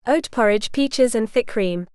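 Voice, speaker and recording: A woman reading the part of a calm, kindly serving woman who speaks sweetly. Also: fairly high pitch, a little slow, smooth, no echo, clean studio sound, natural voice.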